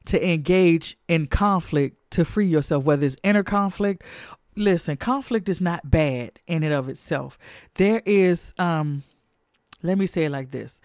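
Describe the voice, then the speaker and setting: A man delivers a fervent sermon, repeating phrases to drive his points home. His voice sits a little higher than most men's. The sound is dry and close, with no room echo. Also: a little mellow. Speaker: preacher.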